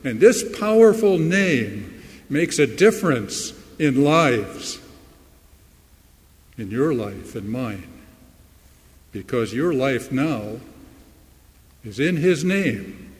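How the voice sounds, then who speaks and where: A man preaching a sermon, slow and emphatic, leaning hard into key words. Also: mid-range voice, very animated, long reverb tail. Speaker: pastor.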